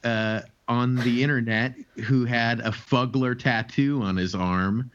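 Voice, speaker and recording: Hesitant musician, slightly muffled sound. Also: male voice, mid-range voice, steady tone, a little slow, a bit bright. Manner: hesitant, many fillers, rambling. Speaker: guest, musician. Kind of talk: casual interview chat.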